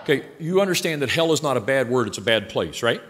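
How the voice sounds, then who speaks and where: Older male pastor, emphatic folksy sermon, mid-pitched voice, reverberant sanctuary. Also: big pitch swings, fast talker. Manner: emphatic, swinging from quiet asides to loud passionate outbursts; blunt and folksy. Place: large church sanctuary. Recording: long hall reverb in a church.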